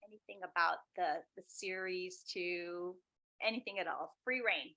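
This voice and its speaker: A woman hosting a video call talk series, effusive and softly guiding the group through an embodiment exercise. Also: lowish voice, normal speed, dry recording, low-quality recording. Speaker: host.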